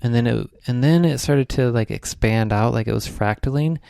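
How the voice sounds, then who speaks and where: A man's voice: medium pitch, normal speed, creaky, warm tone, clear, resonant tone, no room sound, studio quality. A young man, a podcast co-host, telling a rambling spiritual story in casual chat, full of "like"s.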